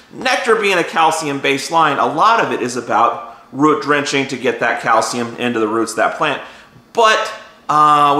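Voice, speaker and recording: A man's voice: on the high side, bright, forceful tone, roomy sound. A man hosting his own gardening show, talking casually and folksily to his viewers. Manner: chatty, folksy, loose with restarts. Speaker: show host. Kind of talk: casual talk to camera.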